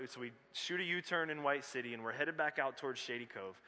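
Pastor guy preaching, chatty storyteller, sharp bright voice, big echo of a church hall. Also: medium pitch, brisk. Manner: conversational, animated storytelling with asides. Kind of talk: sermon with storytelling. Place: church sanctuary. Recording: long reverb of a large church hall.

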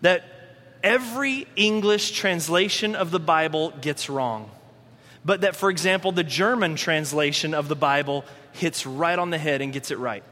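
A man delivers a lively sermon, his voice pitched high and bright. He slips in and out of quoted voices as he talks. The sound carries a long reverb from a large church hall. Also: moderate pace. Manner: animated, acts out quoted voices. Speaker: pastor.

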